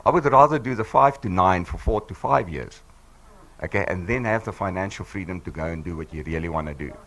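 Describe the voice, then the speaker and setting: Husky, hoarse man in his sixties. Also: sits low, a little fast, fairly bright tone. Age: 60s. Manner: emphatic, encouraging, repeats for effect. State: hoarse from flu. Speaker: business team speaker. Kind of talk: motivational speech to a live audience. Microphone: handheld microphone.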